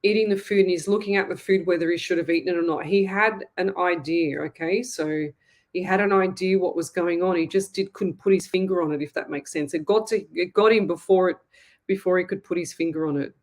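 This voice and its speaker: An Australian woman hosting a live psychic reading, speaking in a sympathetic, halting way and repeating herself often. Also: fairly low pitch. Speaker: psychic medium host.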